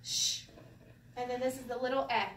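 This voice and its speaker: An older woman teaching a casual Hebrew lesson to a group, chatty and quick to laugh. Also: on the high side, steady tone, fairly bright tone, recorded from a distance, slight background noise. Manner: chatty, laughs often, acts out phrases. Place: room with a group of learners. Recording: echoey room recorded from afar.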